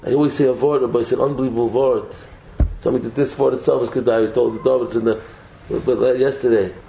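Animated man giving a talk, echoey. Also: medium pitch, fast, gravelly. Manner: animated storytelling, acting out quotes. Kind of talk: Torah lecture to students. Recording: echoey muffled room recording, faint hum.

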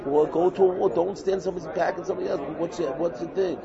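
A man giving an informal Torah talk, animated and repetitive, often acting out what other people say. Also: high voice, very fast, creaky. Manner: animated, repetitive, acts out quotes. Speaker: religious teacher. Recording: muffled recording with crowd noise.

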